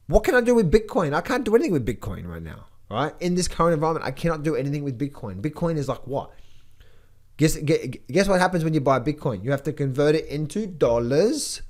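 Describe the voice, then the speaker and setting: A man giving casual market commentary as a trading educator, blunt and rambling, with many repeated words. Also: a little high.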